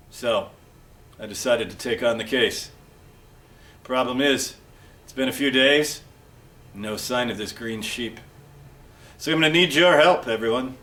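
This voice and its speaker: A man's voice: medium pitch, measured pace, pauses often, pushed and bright, slight background noise. A man narrating a hard-boiled detective parody in a wisecracking tough-guy manner, announcing a library storytime.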